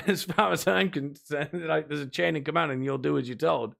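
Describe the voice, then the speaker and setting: A man's voice: a little high, moderate pace, vocal fry, fairly bright tone. A man ranting and mocking as a streamer, sweary and sarcastic, often putting on whiny voices.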